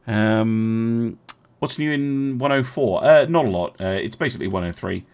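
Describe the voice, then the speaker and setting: While streaming a strategy game, a young man thinks aloud and chats casually with viewers, filling gaps with plenty of ums and uhs. His mid-range voice is smooth and a little mellow.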